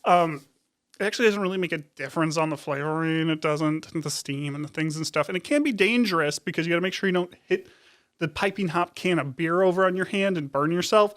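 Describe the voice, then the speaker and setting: A woman's voice: lowish voice, fairly quick. A woman in her thirties co-hosting a podcast in casual chat, blunt and sarcastic, with casual swearing. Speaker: podcast co-host.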